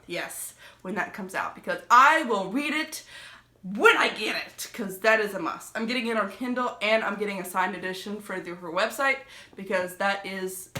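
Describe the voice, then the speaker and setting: A bright, forward woman rambles excitedly through a casual book review vlog, full of fillers and restarts. Her voice rings around an echoey room. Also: medium pitch. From United States. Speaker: book vlogger.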